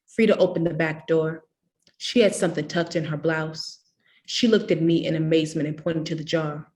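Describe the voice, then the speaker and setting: A woman reading a novel aloud in measured, expressive narration for a public reading. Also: low voice. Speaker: reader.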